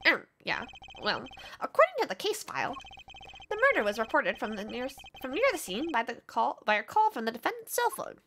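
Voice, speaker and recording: Girl doing a nasal smarmy lawyer guy, high and all over the place. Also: sing-song, fairly quick, fairly bright tone, slight background noise. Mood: smug. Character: smug, sniveling middle-aged male prosecutor. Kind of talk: reading game dialogue aloud.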